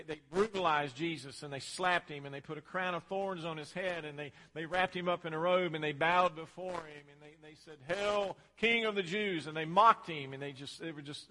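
Preacher with a bright, ringing voice. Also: male voice, fairly high pitch. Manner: emphatic preaching with repetitions. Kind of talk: sermon. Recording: long hall reverb.

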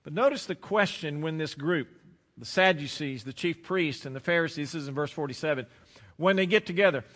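A man pastor preaching a sermon, praying and then expounding scripture with rising emphasis and dramatic pauses. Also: fairly high pitch, a bit bright, in a large hall.

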